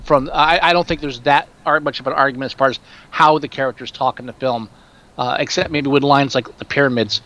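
A man's voice: mid-range voice, steady tone, brisk, fairly bright tone, rough recording. A man chatting casually on a podcast with a New Jersey accent, rambling with frequent restarts and mocking asides. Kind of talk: casual chat.

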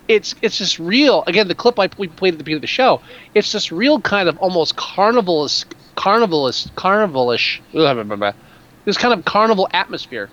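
A man co-hosting a podcast, chatting casually about a film in an animated, rambling way with many restarts. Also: high-pitched, a little fast, lo-fi sound. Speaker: podcast co-host.

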